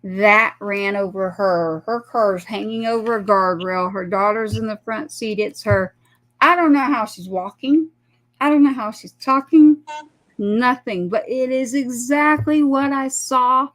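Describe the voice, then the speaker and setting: Animated woman telling a story. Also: fairly high pitch, measured pace. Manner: animated, acts out quoted dialogue. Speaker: guest. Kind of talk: casual storytelling chat.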